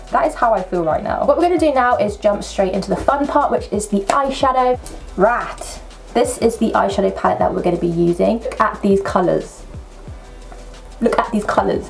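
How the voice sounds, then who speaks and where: Brief: young woman vlogger, mid-pitched, chatty and excitable, jokes at her own expense while doing makeup. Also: vocal fry. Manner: chatty, excitable, self-mocking asides. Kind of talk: casual makeup tutorial chat. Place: at home at a table.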